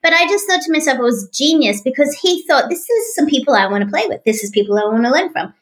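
A woman's voice: high voice, fast. A woman guest and author, telling stories animatedly in an interview and acting out the voices of the people in them. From from outside the US. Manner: animated storyteller, acts out voices. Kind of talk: storytelling interview talk.

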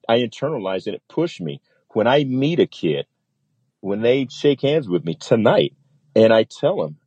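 A man's voice: mid-range voice, darkish tone, no echo, dull audio. A man, a military pilot, telling a story in a casual interview and acting out the voices of the people in it.

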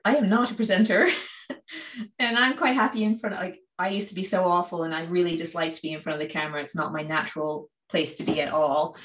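A cycling YouTuber from Canada joins an interview as a guest, speaking with a Canadian accent tinged by a slight British twang. Her voice sits low and a bit bright against a roomy sound. She keeps the cycling chat casual, laughing frequently and leaning on fillers.

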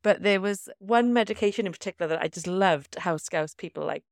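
A woman in her thirties from Wales with a light Welsh accent, co-hosting a casual medical podcast and telling stories in a chatty, animated way. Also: on the low side, fairly quick, vocal fry, no echo, studio quality. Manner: chatty, animated storytelling with laughter. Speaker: podcast co-host, doctor. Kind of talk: casual chat.

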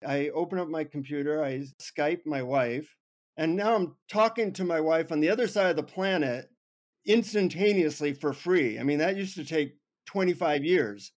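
A man on an interview show telling a funny personal story with lively, self-mocking humor. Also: on the high side, normal speed. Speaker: guest. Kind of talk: anecdotal storytelling.

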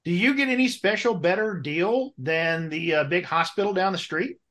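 High-voiced chatty male host. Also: moderate pace. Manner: chatty, lively storytelling, asks questions. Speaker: interview host. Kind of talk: conversational interview.

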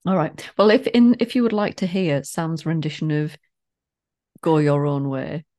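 A woman's voice: low-pitched, normal speed, darkish tone. A middle-aged woman co-hosting a casual podcast, playful and teasing. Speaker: podcast co-host. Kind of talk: casual chat.

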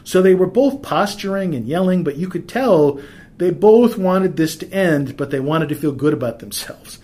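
A man's voice: sits high, lively intonation, normal speed, dark tone. A middle-aged man giving practical advice in a casual, conversational way, often restarting sentences and using fillers. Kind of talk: casual explanatory talk with anecdotes.

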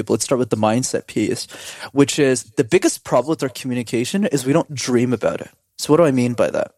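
A man speaking as a podcast guest about communication, talking quickly and energetically and animating the voices of people he quotes. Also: mid-range voice, a little mellow, dry recording. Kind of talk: casual podcast chat.

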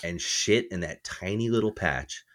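A man's voice: low-pitched, lively intonation, a little slow, fairly bright tone. A man chatting casually on a podcast, laughing often and swearing offhand. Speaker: podcast co-host. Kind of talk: casual chat.

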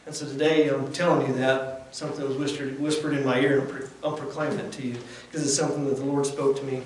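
A man's voice: mid-range voice, little pitch movement, quick pace. A man giving a conversational devotional sermon as a lay preacher, earnest and plainspoken in a folksy way. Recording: very echoey room from far off, faint background noise.

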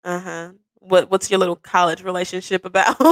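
A young woman hosting a podcast, telling a personal story in a casual, animated way, swearing freely and breaking into high, excited bursts and laughter. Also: a little fast, no echo. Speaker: podcast host.

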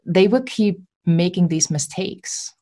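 A woman hosting a podcast interview, with a notably low-pitched voice. She responds to her guest in a reflective way and brings in a story of her own. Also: animated, slow, dark tone. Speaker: host.

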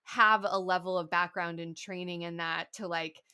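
A woman hosting a casual podcast interview, asking thoughtful, curious questions with a relaxed, searching manner. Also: lowish voice, normal speed, clear, resonant tone. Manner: thoughtful, curious, many "like" and "you know" fillers. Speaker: podcast host.

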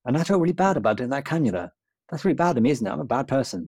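Young doctor guy, talks fast, gravelly low voice, rambly and self-deprecating. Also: big pitch swings, a little mellow, no room sound. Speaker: junior doctor, podcast co-host. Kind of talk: casual podcast chat, storytelling.

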